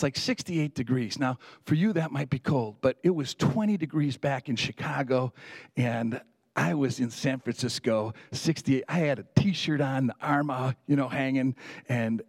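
A man's voice: medium pitch, a little mellow, breathy edge, dry recording. A male pastor preaching a sermon in a conversational storytelling way, building up to emphatic peaks.

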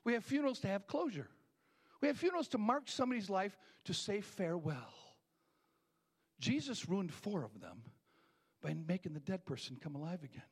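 A middle-aged man preaching a sermon, telling a story with animated acted voices and hushed moments. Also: high-pitched, quick pace, slightly rough. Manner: animated storytelling, acting out voices, dropping to near whispers. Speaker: pastor.

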